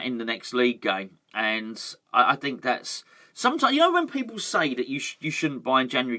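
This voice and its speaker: A man's voice: medium pitch, bright, forceful tone. A man hosting a football fan channel, chatting casually through the latest news with plenty of fillers and restarts.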